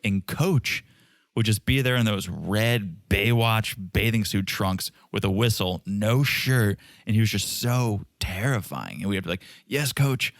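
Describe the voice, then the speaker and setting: A man's voice: on the low side, measured pace, no echo, clean studio sound. A man co-hosting a casual podcast chat, teasing his co-host and telling stories. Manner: teasing, animated storyteller.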